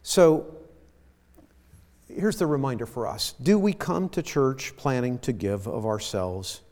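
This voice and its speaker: Male pastor mid-sermon, unhurried and halting, echoing church hall. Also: medium pitch, expressive, darkish tone. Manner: slow, halting with repeated words. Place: church sanctuary.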